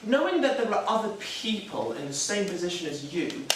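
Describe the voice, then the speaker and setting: A man's voice: sits high, big pitch swings, normal speed, fairly bright tone, a little hiss or hum. An actor playing a nervous, self-doubting young Catholic man, talking in a hesitant, wry, self-deprecating way in a stage drama. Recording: echoey room, mic far off.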